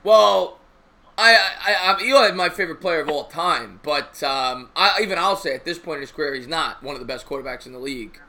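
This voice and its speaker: Bright-voiced energetic sports stream host. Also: male voice, a little high, a little fast, slight background noise. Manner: energetic, joking, talks to chat. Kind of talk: live-stream sports talk.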